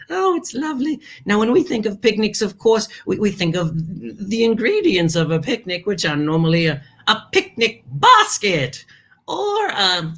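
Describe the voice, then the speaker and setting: A theatrical woman hosts a family learning show. Her pitch swoops all over as she talks, and she tosses in playful asides, calling the audience darling. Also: a bit bright. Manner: addresses viewers as darling. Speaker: host. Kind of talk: hosting a kids' learning show.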